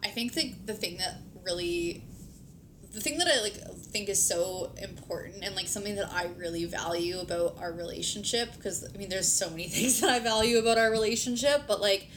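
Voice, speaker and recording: A woman hosting a podcast, chatting casually with her partner, filling her speech with "like" and swearing now and then. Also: brisk. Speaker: podcast host. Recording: noisy recording with low rumble.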